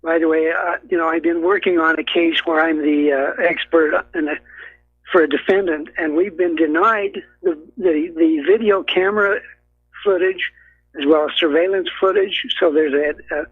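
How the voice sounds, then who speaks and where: A man calling in to a radio show, speaking haltingly with many fillers and restarts, heard over a phone line. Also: a little high, expressive, slightly rough, no echo. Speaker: caller. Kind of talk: call-in radio talk.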